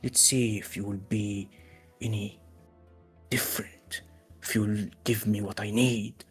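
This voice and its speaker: A sinister dream creature with two tongues whispers its disappointment, as a man voices it at the game table. The voice is weird and hushed. It sounds quietly menacing. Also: fairly low pitch, steady tone, measured pace, soft background music, natural voice.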